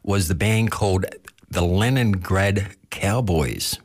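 A man's voice: low-pitched, slow pace. A man with an Australian accent hosting a radio show, easygoing as he reads out listener requests. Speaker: radio host. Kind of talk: casual chat.

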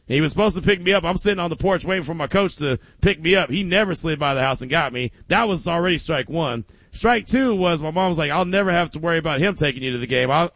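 Animated male sports radio host. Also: on the high side, no echo. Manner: animated storytelling with laughs. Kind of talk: casual radio show chat.

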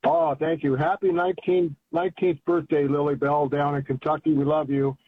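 A man's voice: a little high, little pitch movement, moderate pace, breathy edge, no room sound. An older man calling into a radio show, rambling and enthusiastic in colloquial talk. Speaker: caller. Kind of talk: phone-in chat. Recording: tinny phone line.

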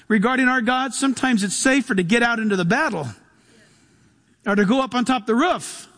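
Pastor, male, high tenor, lively sermon delivery with loud and hushed turns, long hall reverb. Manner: animated, shifts between loud bursts and soft hushed asides.

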